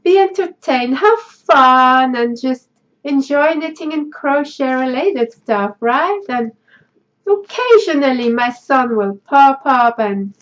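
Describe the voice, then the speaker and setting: A woman with a high voice, the top frequencies cut off, hosts a crafting channel and chats casually while opening her mail. She gushes and laughs a lot, yet sounds tearful and choked up in this casual unboxing vlog.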